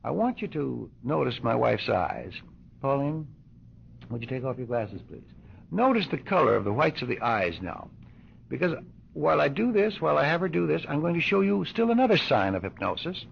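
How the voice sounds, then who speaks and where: An older man teaching a class of doctors as a hypnosis instructor, deliberate and questioning, repeating his points, on an old lo-fi tape recording. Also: medium pitch, sing-song, vocal fry, a little hiss or hum.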